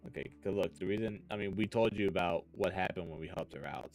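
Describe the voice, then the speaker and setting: Casting: low-pitched man, tabletop player in character, earnest and steadying, soft music under. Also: quick pace, low-quality recording. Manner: earnest, steadying, full of restarts. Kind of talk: in-character role-play.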